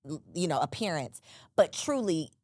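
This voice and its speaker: A woman hosts a casual podcast interview with a fairly low voice that rises and falls a lot. She asks her questions in a slow, thoughtful, conversational way. The studio sound is close and dry. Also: very animated, darkish tone, husky, no echo. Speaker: podcast host. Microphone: studio podcast mic.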